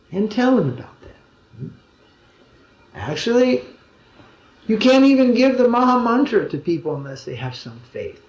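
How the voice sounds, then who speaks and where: Man with a fairly high voice teaching a spiritual talk, chatty storytelling with dry jokes, old dull recording. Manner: conversational storytelling with wry humor. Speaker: swami giving a spiritual talk. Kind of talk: informal religious discourse with anecdotes. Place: gathering in a room. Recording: roomy dull lo-fi 2001 recording.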